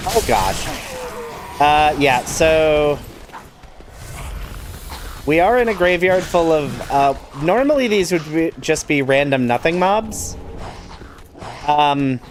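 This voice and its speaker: A man narrating his game as he plays, in a wry, self-mocking way. He talks slowly, and his fairly high voice swings up and down a lot. A steady hum of noise sits clearly behind him. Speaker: gamer playing a randomizer. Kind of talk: let's play commentary.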